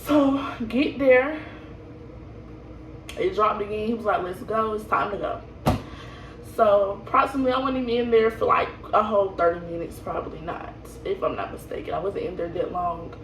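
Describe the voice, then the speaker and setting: A woman's voice: medium pitch, fairly quick, a little hiss or hum. Young woman rambling thru a storytime, laughy, roomy echo. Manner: chatty, laughing, rambling with fillers and restarts. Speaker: vlogger telling her pregnancy story. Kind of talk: casual storytime. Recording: echoey room, voice from a distance.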